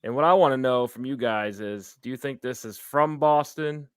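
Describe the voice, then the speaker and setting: A man's voice: mid-range voice, moderate pace, smooth, dry recording, clean studio sound. A man hosting a casual sports podcast, reading headlines aloud and quizzing his co-hosts. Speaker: podcast host.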